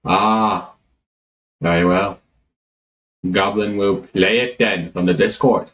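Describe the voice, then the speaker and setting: Slow-talking man streamer, third-person banter. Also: on the low side, steady tone, fairly bright tone, a little hiss or hum. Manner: refers to himself in the third person as Goblin; slow, rambling, thinks aloud. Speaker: live streamer. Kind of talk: casual live-stream chat.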